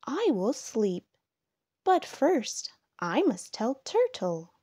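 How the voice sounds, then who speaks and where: A woman's voice: on the high side, big pitch swings, drawn-out words, warm tone, no room sound, clean studio sound, pitched above the performer's own voice, full character voice. A woman voicing an urgent skunk in a storybook, insisting that winter is coming. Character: urgent busy skunk bringing news.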